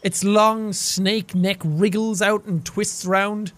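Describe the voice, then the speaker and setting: Reading game dialogue aloud, a man voices an anxious, dramatic young woman stuck in a car, using a high, swooping, overwrought tone. His delivery is also steady, slow, and slightly bright.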